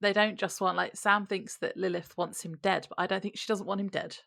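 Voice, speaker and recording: Gravelly-voiced woman chiming in. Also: mid-range voice, steady tone, fairly quick, bright, forceful tone, no echo, clean studio sound. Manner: laughs often, chimes in with short remarks. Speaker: podcast co-host. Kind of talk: casual chat.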